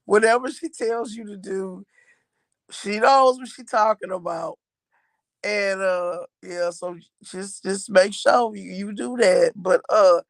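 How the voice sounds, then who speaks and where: A middle-aged woman from Texas chats with her viewers in a loose, animated storytelling way, laughing often. Her voice sits at an ordinary pitch, and the recording is close and dry with no room sound. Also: slow, no echo. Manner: chatty and animated, laughing often, uses Southern US slang. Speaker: mother talking about her son's new job.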